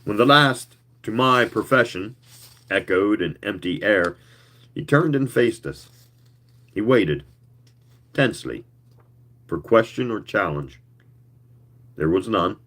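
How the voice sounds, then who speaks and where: A man giving a live reading of a story in a slow, measured storytelling manner. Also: lowish voice, lively intonation, a bit bright. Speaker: reader.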